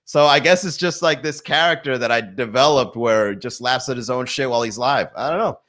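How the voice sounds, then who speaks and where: A young man talks to his live-stream audience from his garage, running on and on in loose riffs. His voice is bright and forward, and he laughs at his own jokes as he goes. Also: mid-range voice, brisk. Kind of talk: casual live-stream comedy chat. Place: home garage.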